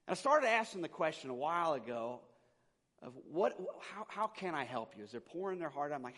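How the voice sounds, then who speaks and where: Pastor guy preaching casual-style, kinda high voice, big reverb from the hall. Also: fast talker. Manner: conversational, animated, swings between loud emphasis and quiet asides. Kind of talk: sermon.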